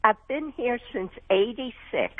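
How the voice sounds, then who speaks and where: A woman's voice: on the high side, lively intonation, moderate pace, no room sound. Chatty New York woman on the phone. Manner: chatty and effusive. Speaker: caller. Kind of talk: radio call-in. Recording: tinny phone line.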